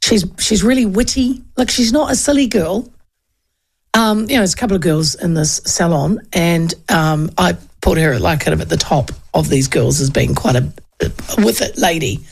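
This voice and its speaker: A woman's voice: fairly low pitch, normal speed, vocal fry, breathy edge. A woman host, giving chatty, digressive political commentary with frequent asides. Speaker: radio or podcast host.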